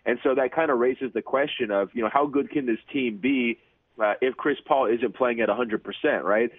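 A man's voice: medium pitch, moderate pace, slightly rough, dry recording. A man who writes about basketball, joining a radio interview and giving eager, analytical answers. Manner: enthusiastic, analytical. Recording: phone line.

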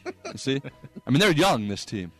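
A man hosting a comedy sports segment, delivering rapid jokes and laughing at his own punchlines. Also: medium pitch, very animated, faint music behind.

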